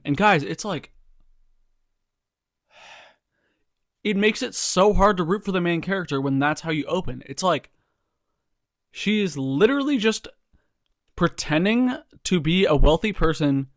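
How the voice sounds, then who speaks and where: A vlogger with a slightly high voice rants casually to camera about a movie, recorded with clean, dry studio sound. Exasperated and profane, he rambles with plenty of fillers and keeps calling out "guys" to his viewers.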